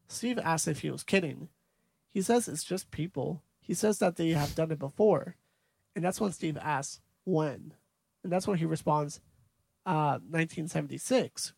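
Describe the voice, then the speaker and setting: Gravelly laid-back man recapping a film. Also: a little high, a little mellow, no room sound. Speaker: podcast co-host. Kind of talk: casual movie recap chat.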